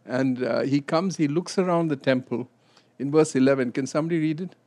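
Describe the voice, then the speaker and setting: A man with a fairly high voice leads a Bible study group, talking a little fast and casually through the material. He breaks into loud, animated retellings of the scripture scenes, acting out the quotes as his voice rises.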